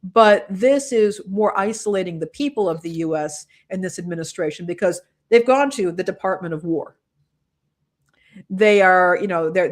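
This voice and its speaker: Earnest woman podcast co-host. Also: on the low side. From United States. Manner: earnest and impassioned, thinking aloud with many restarts. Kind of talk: casual political commentary.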